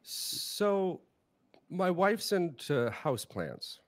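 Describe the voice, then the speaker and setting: A man with a Wisconsin accent, co-hosting a podcast and telling animated, profane jokes in casual chat. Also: high voice, drawn-out words. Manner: animated, profane joking storyteller. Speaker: podcast co-host.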